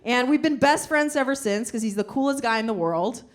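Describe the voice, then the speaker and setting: A young woman from the Soviet Union performing stand-up comedy on a club stage, telling a story in a chatty way with deadpan punchlines. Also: a little high, fairly quick.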